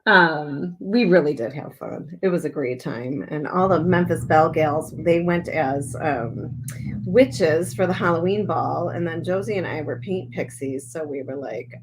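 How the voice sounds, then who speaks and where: A bubbly mixed media artist hosts a live craft stream, chatting relaxed and friendly as she works, reading viewer comments aloud, thanking people by name and laughing often. Her voice is a little low for a woman, her pace unhurried, and there's background noise. The feel is homemade and cheerful.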